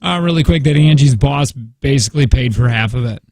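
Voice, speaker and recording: A man's voice: mid-range voice, a little fast, darkish tone, no room sound. A man in his forties hosting a morning radio show, chatty and telling stories in casual banter. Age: 40s. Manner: chatty, storytelling, laughs easily. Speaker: radio host. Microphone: studio mic.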